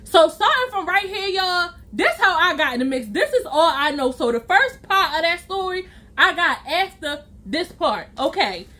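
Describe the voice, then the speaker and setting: A woman vlogger spins a storytime tale in a high, bright voice. She is animated and chatty, acting out quotes and tossing in sound effects as she goes. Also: moderate pace. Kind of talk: storytime vlog.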